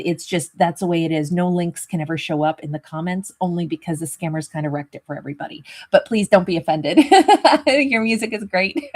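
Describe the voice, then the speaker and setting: A woman hosting a live tarot stream, greeting viewers by name in a chatty, affectionate way, often laughing. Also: lowish voice. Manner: warm, chatty, laughs often, calls viewers babe and sweetheart. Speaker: tarot reader and channel host.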